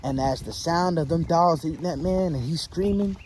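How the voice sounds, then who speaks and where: A man casually narrating a spooky storytime tale in a relaxed, conversational way, with drawn-out fillers between beats. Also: fairly high pitch, a little hiss or hum, rough recording.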